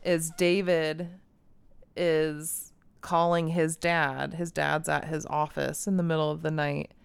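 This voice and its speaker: A woman casually recapping a movie plot in animated detail, swearing freely and acting out the characters' lines. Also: sits low, slow, creaky, clear, resonant tone, dry recording. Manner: animated storytelling, frequent swearing, acts out quotes. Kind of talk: casual chat.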